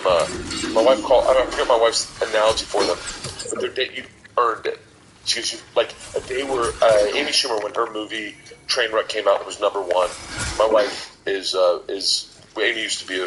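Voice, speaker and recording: A man who is a guest comedian in a casual podcast chat, rambling and repeating himself, swearing freely and getting choked up as he talks. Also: on the low side. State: emotional, near tears. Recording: noisy recording.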